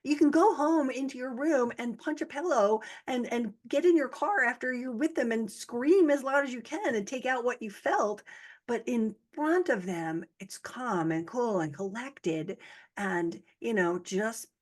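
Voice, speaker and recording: A woman host in casual interview chat, talking in an animated way and acting out how people react. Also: on the high side, a little slow. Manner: animated, acts out quoted reactions.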